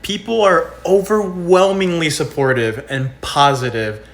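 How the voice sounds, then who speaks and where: A man with a bright, forceful voice speaking casually to camera. He is emphatic and enthusiastic and drops swear words freely. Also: fairly high pitch, fairly even intonation, a little slow.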